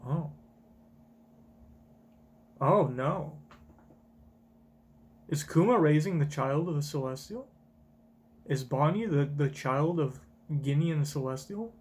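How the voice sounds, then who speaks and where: A man's voice: on the high side, expressive, takes it slowly, long pauses, a little mellow, slightly rough. A man reacting live to a manga chapter as a streamer, blunt and swearing often.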